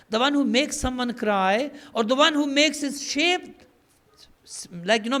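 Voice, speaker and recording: A man's voice: extremely high pitch, sharp tone. A man preaching an impassioned mourning sermon, telling stories and building to fervent, grief-laden emphasis. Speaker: maulana preaching at a mourning gathering.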